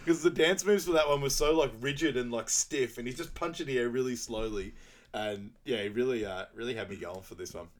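A man's voice: medium pitch, fairly quick. A man co-hosting a casual movie recap podcast, retelling scenes and laughing often. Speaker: podcast co-host.

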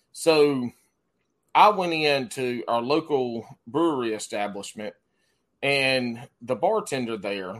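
A man with a Southern US accent hosting a podcast, telling loose, profane stories in casual chat. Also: medium pitch. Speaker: podcast host.

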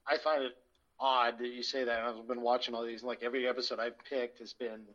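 A man chatting casually as a podcast co-host, laid-back and quick to laugh. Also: mid-range voice, level tone, a bit bright, muffled recording. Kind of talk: casual chat.

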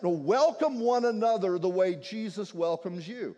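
A man preaching a sermon in a church, telling stories with humor and lively energy. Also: high-pitched, normal speed, hardly any pauses. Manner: animated, humorous storytelling. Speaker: pastor. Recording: long hall reverb.

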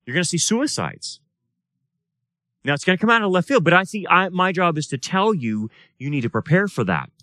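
In a church or study room, a man pastors a Bible study class, chatting casually, asking questions, and playing out the voices in quoted dialogue during his sermon. His voice sits high and sharp, very animated and a little fast, with no echo.

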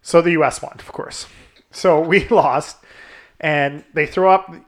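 A man's voice: fairly high pitch, fairly even intonation, a little slow. A man hosting a podcast, telling a crude story in casual chat, laughing often and swearing freely. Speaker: podcast host.

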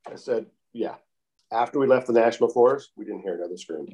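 Calm, unhurried man telling a story. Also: mid-range voice. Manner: calm, unhurried, repeats "I said" often. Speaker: interview guest telling a story. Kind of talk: casual storytelling.

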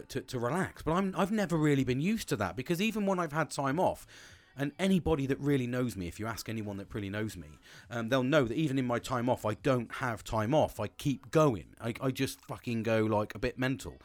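A man's voice: mid-range voice, animated, fairly quick, no room sound. Sweary, rambling man in his forties. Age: 40s. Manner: rambling, sweary, self-mocking. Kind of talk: casual monologue.

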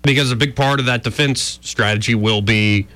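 A man's voice: mid-range voice, steady tone, normal speed, bright, forceful tone, no room sound. A man hosting a talk radio show, wry and joking with rambling asides. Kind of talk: casual talk radio banter.

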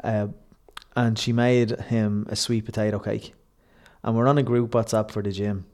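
A man's voice: lowish voice, little pitch movement, moderate pace, a little mellow. A man with an Irish accent co-hosting a podcast, rambling and joking in casual chat. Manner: rambling, jokey, laughs often. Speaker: podcast co-host.

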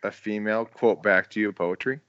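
A man's voice: on the low side, fairly even intonation, a little fast, fairly bright tone, no room sound, lo-fi sound. A man co-hosting a casual movie podcast, teasing and playfully grilling the others. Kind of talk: casual movie-review chat.

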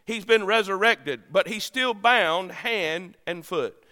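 A male pastor delivers a sermon in a church, his voice high and bright. He swings between loud, ringing declarations and hushed, low phrases. The sound carries a long reverb from the large sanctuary. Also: takes it slowly. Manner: preaching with dramatic swings in pitch and loudness.

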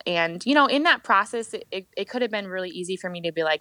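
A woman in her thirties, a worship leader, telling her faith story on a podcast guest spot in a lively, expressive way, acting out what she once said. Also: mid-range voice, fast talker, few pauses, no echo. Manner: animated storytelling, acts out her own past words. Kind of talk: candid personal testimony.

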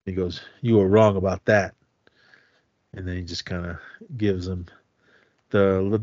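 A man's voice: low-pitched, steady tone, a little slow, long pauses, no room sound, dull audio. A man co-hosting a podcast, casually retelling a film scene by scene in a rambling way and acting out the lines. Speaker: podcast co-host.

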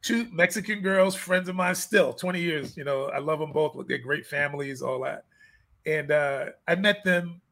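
A man's voice: fairly high pitch, moderate pace. A middle-aged man, a fitness coach, chatting casually and telling stories animatedly, acting out the dialogue. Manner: animated storyteller who acts out dialogue. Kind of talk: casual chat.

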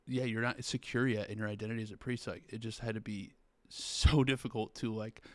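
A man, a priest hosting the talk, thinking aloud in an animated way with many fillers. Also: on the low side, a little fast, no room sound. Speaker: priest, host. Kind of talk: conversational interview.

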